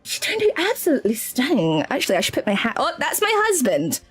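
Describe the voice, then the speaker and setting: A woman's voice: high-pitched, huge pitch swings, quick pace, husky, faint music behind. A woman with a Scottish accent chatting casually on a live stream as a VTuber, giggly, easily flustered and affectionate toward her viewers.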